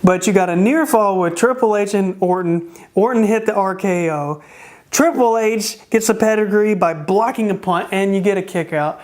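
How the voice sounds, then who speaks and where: A sarcastic reviewer talks through a wrestling event in a loose, casual way, firing off rhetorical questions and exasperated outbursts. The voice is starting to go hoarse from talking so long. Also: mid-range voice, normal speed, darkish tone. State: starting to lose voice.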